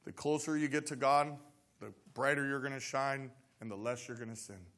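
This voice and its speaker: A man's voice: mid-range voice, steady tone, moderate pace, fairly bright tone. A man preaching a sermon, reading scripture aloud and explaining it, with frequent questions to the congregation. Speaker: pastor.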